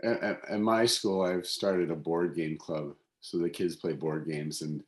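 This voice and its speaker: A man's voice: sits low, steady tone. A man hosting an interview, talking casually and thoughtfully, with frequent halts and restarts. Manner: halting, many restarts, thoughtful. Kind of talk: casual conversation. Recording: roomy echo.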